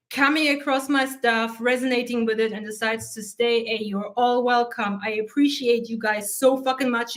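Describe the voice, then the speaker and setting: A woman's voice: on the high side, a bit bright. Blunt, profane woman talking to camera. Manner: blunt and profane, with frequent laughs. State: teary eyes from allergy. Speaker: mindset coach and channel host. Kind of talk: casual talk to camera.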